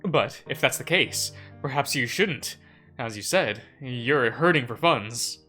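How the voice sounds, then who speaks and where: A man voicing a calm, friendly male red fox gambler with a polite, sing-song lilt. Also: mid-range voice, takes it slowly, faint music behind.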